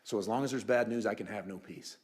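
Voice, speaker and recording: A male pastor delivering a conversational sermon, mixing humorous asides with sudden quiet, hushed moments. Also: fairly low pitch, quick pace. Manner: conversational preaching with humorous asides and dramatic drops to a hush.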